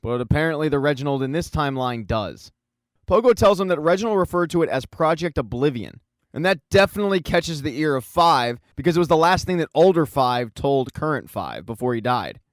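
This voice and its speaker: A man, host of a recap channel, narrating a plot summary in a brisk, storytelling manner with casual asides. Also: fairly high pitch, expressive, dry recording.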